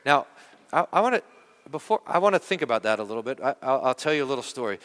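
A man preaching a sermon as pastor, talking in an animated, conversational way, often restarting and repeating words. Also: medium pitch, quick pace, long reverb tail. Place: church.

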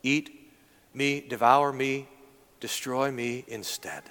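A man's voice: medium pitch, takes it slowly, in a large hall. A man playing a protective shepherd. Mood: pleading. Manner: firm, then gently pleading. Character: calm protective shepherd, self-giving.

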